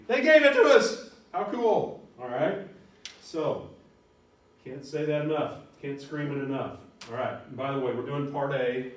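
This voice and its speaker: A middle-aged man teaching a college algebra lecture, animated and telling stories, shouting out key words now and then. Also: medium pitch, a little hiss or hum. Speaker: college math instructor. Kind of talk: recorded math lecture. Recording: very echoey room, voice from far off.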